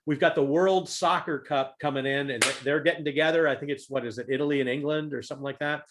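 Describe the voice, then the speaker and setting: A man giving a talk on humor and leadership over a video call, animated and fond of loud acted-out demonstrations. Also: on the high side, quick pace, noisy background.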